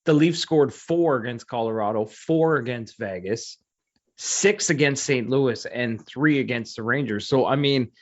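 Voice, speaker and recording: A man's voice: medium pitch, a little slow. Hedging, thoughtful man. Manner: thoughtful, hedging, reasoning aloud. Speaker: podcast co-host. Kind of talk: casual chat. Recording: muffled lo-fi podcast audio.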